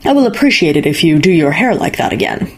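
Woman voicing smug old suitor, presumptuous, husky, low-ish. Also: big pitch swings, fast talker. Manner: smooth, presumptuous. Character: smug old hero suitor, possessive man.

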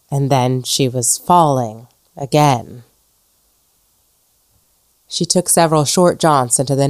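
Low-voiced woman narrating a ghost story. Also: a little mellow, no echo, studio quality. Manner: measured, dramatic storytelling. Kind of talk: scripted narration.

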